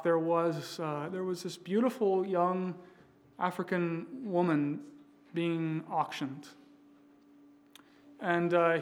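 A pastor preaching a sermon, telling a story with frequent fillers and restarts. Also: male voice, fairly high pitch.

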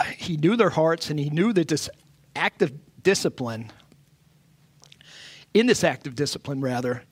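Man, middle-aged, pastor, sermon, high voice, earnest and halting, dry close sound. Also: no room sound. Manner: earnest, halting with frequent restarts.

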